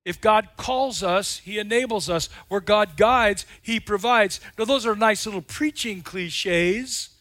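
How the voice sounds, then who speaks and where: A male pastor preaching a sermon with lots of repetition, swinging between loud passages and hushed ones. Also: high-pitched, a little slow, few pauses, no room sound.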